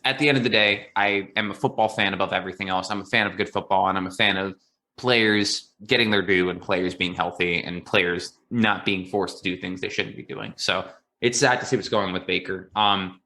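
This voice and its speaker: A man's voice: deep voice, fairly even intonation, a little fast, pushed and bright. A man co-hosting a casual sports podcast, talking earnestly and emphatically with frequent fillers. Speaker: podcast co-host, football fan.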